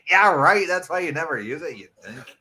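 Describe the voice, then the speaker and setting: A man's voice: fairly high pitch, animated, moderate pace, bright, forceful tone, slightly rough. Teasing American man. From United States. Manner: banters and teases, swears freely, says "absolutely" often. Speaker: guest. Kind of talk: casual chat on a stream.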